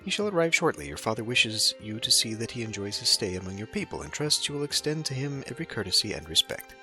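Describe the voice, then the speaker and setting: A man's voice: mid-range voice, big pitch swings, fast talker, sharp tone, faint music behind, full character voice. A man reading a courtly royal messenger. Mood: formal. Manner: formal, old-fashioned courtly phrasing.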